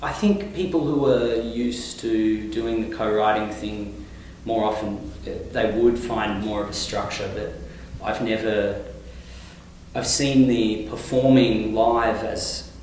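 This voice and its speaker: A man with an Australian accent talks in a loose, rambling way, full of fillers and restarts. His voice sits a little low and sounds distant from the mic. A heavy echo and faint ambient noise surround him. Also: fairly even intonation, slow, a little mellow. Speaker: touring singer-songwriter, guest. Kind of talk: casual interview. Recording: echoey room, mic at a distance.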